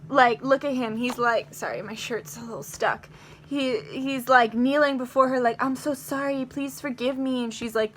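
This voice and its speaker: A woman's voice: on the high side, bright, forceful tone, a little hiss or hum. A young woman doing a casual tarot reading to camera, chatty, swearing freely and acting out little quoted asides. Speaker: tarot reader.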